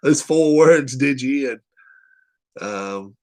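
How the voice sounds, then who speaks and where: A man's voice: a little high, animated, measured pace. A man hosting a casual live chat show, reading viewer comments aloud and teasing them with frequent laughs.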